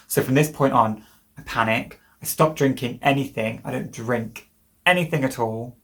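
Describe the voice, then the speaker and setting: A woman's voice: rumbling low, moderate pace, fairly bright tone. A British woman in her twenties, a vlogger telling a personal story to the camera in a candid, emotional way. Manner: candid, emotional, vivid retelling.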